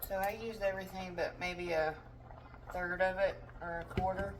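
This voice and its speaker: A woman's voice: on the low side, flat delivery, moderate pace, recorded from a distance, noisy background. A young woman chatting casually while cooking in her home kitchen, rambling with self-deprecating asides. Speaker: home cook vlogger.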